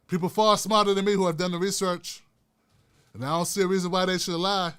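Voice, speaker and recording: A man's voice: sits high, level tone, brisk, a bit bright, smooth. A man hosting his own commentary show, speaking with passion, often repeating and restarting phrases for emphasis and talking straight to his viewers. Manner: addresses viewers directly and casually. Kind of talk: impassioned political commentary.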